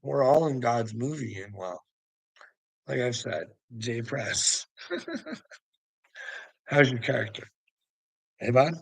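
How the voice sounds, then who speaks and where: A man's voice: medium pitch, slow, creaky, pauses often, no room sound, low-quality recording. A man rambling to viewers, laughing constantly, swearing and taunting someone.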